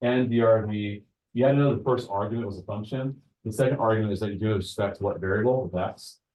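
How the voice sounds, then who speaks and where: Man, math teacher, casual classroom lecture, lowish voice, chatty with fillers. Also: fast talker, a little mellow, low-quality recording. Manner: casual, talks to students as guys, thinks aloud with fillers.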